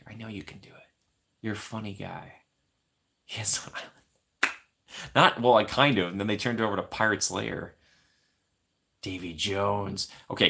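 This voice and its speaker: A man's voice: on the low side, creaky, pushed and bright. A man chatting casually with his viewers on a livestream from home, rambling and laughing often.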